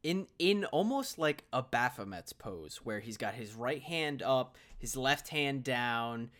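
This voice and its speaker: A man's voice: medium pitch, animated, unhurried, a bit bright. A man co-hosting a podcast, adding wry remarks and plot details in casual chat about a movie. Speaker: podcast co-host.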